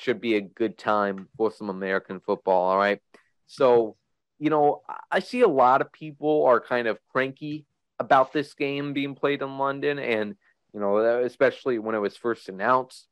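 A man's voice: medium pitch, dry recording, low-quality recording. A young man hosting a sports podcast in a casual, rambling way, full of fillers. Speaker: podcast host.

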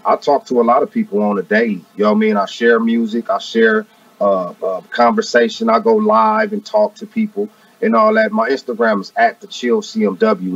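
A gravelly-voiced man in his forties talks back easily in a laid-back interview, leaning on "you know what I mean" again and again. He sits a bit back from the mic, and the dry recording sounds dull and muffled. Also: high voice, no echo, recorded from a distance. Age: 40s. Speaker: rapper guest. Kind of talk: casual interview talk.

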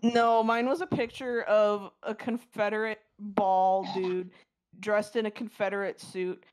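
A man's voice: sits high, flat delivery, a little slow. A man co-hosting a podcast over an online group call, chatting casually, laughing often and swearing freely. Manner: giggly, bantering, swears freely. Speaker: podcast co-host. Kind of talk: casual chat.

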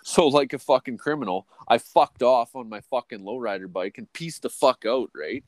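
A man co-hosting a podcast spins a long, rambling story, swearing in nearly every line and tripping over restarts as he goes. His voice sits at an ordinary middle pitch, and the sound is close and dry with no room echo. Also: moderate pace. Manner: profane, rambling, full of restarts and "or whatever, right"; jumps to a much higher, louder voice when quoting people. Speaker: podcast co-host. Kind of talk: casual storytelling chat.

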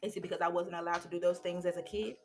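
A woman's voice: fairly low pitch, little pitch movement, very fast, noisy background. A woman in her thirties hosting a podcast, giving a candid, colloquial motivational talk. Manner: candid, colloquial, preachy storytelling. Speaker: podcast host.

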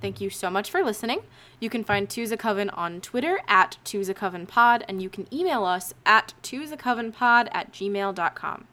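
A woman's voice: mid-range voice, animated, moderate pace, bright, forceful tone. A woman co-hosting a podcast, speaking casually and reading the closing credits. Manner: encouraging listener, brief reactions. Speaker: podcast co-host. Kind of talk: casual chat.

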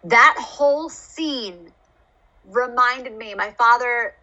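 A woman with a New Jersey accent and a bright, sharp, rather high voice co-hosts a podcast. She tells stories in an animated way and puts on voices when she quotes people. The recording sounds dull and lo-fi. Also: slow. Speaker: podcast co-host. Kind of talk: casual chat.

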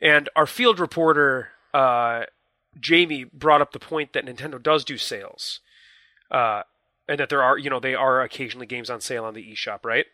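Bright-voiced man, dry recording. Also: medium pitch, normal speed, dry recording. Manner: explanatory, emphatic, hesitant restarts. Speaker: podcast co-host. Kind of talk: casual chat.

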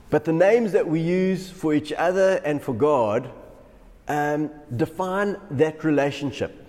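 A man delivers a devotional sermon as a pastor, his voice sitting a little high for a man. He laughs lightly through his stories. The sound carries a long, lingering reverb, as if in a large hall. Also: animated, takes it slowly, long pauses, darkish tone. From South Africa. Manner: chuckles often while telling stories.

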